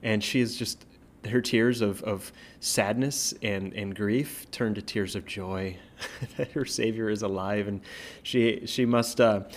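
Man, pastor type, relaxed scripture talk, slightly low voice, keeps asking "right?". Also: slow, a little hiss or hum. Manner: conversational, checks in with "right?", many fillers. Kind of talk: casual Bible teaching.

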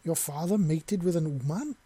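A man's voice: fairly high pitch, moderate pace, mellow, close to an everyday voice. A man voicing a proud, fiery young female alien huntress in a storybook reading, raising his voice for her. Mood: shocked.

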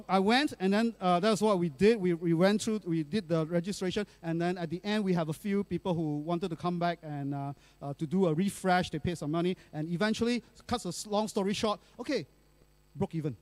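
A man's voice: high-pitched, fairly quick, hardly any pauses, no room sound. A middle-aged male pastor, telling a personal story in a sermon in a chatty way, full of fillers and tag questions.

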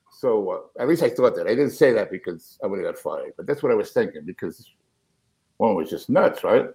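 Man, middle-aged, comedian, animated storyteller, wide pitch swings. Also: fairly quick, creaky, rough recording. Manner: animated, acts out quotes. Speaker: comedian guest. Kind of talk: storytelling anecdote.

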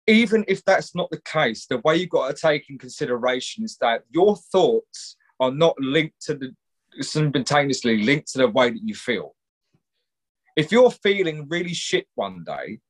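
A man, a mental health counsellor, speaking as a guest in a candid podcast conversation, rambling and swearing freely. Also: medium pitch.

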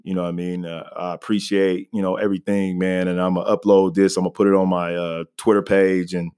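A man's voice: low-pitched, level tone, brisk, a little mellow, clear, resonant tone. A man hosting his own podcast, talking loosely and conversationally, often saying "man" and "you know". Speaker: podcast host. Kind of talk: casual solo podcast talk. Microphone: home podcast mic.

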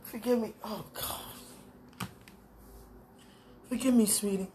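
Addressing both God and someone dear, a podcast host speaks an emotional, pleading monologue that shifts from quiet murmuring to loud proclamations. The medium-pitched voice is slow with fairly even intonation, and a little hiss or hum can be heard.

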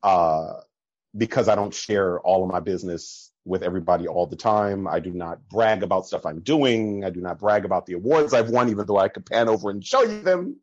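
A man with a low voice talks casually as a podcast guest, and the audio is a little dull. He tells his stories in bursts, with plenty of fillers and restarts. His laugh comes often, and he jumps higher in pitch whenever he acts out what someone else said. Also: fairly quick, dry recording. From American Midwest. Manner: animated storyteller, swings up in pitch when quoting people. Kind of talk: casual chat.

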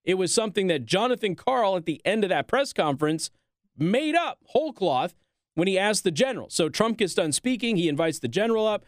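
A man hosting a talk show, delivering a sarcastic, animated political commentary monologue. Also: sits high, fairly quick, no room sound, studio quality.

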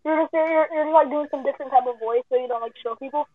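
An excitable guy with a strikingly high voice jumps in again and again, repeating words in quick bursts. The sound is dull and lo-fi. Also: slight background noise. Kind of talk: casual chat among friends.

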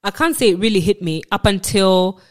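Speaking in an animated, mid-range voice, a female podcast guest shares a personal story. She stumbles and repeats words, and she acts out the things others told her.

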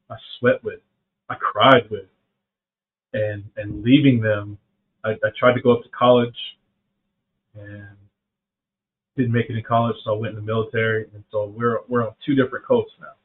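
Here the voice is lowish and fairly flat, at a moderate pace broken by long pauses. It belongs to a middle-aged South Carolina man hosting a faith podcast, reflecting casually and earnestly, restarting sentences and often saying "man." The sound is phone-like and narrow-band.

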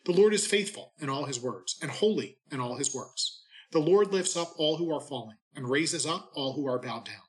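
A man reading the day's scripture and giving a short homily in a measured, reverent cadence, like a clergyman. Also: medium pitch, low-quality recording.

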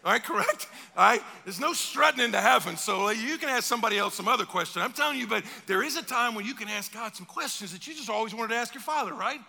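Lively preacher man with a gravelly edge. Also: extremely high pitch, quick pace, few pauses, long reverb tail. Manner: animated preaching with acted-out dialogue. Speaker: pastor. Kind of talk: sermon.

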